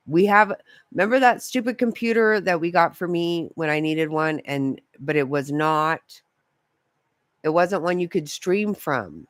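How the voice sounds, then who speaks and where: A woman's voice: lowish voice, unhurried, no room sound. A woman rants and rambles to camera in a casual vlog style. She swears freely and laughs often. Her voice is recorded close and dry, with no room sound. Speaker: vlogger. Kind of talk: casual ranting monologue.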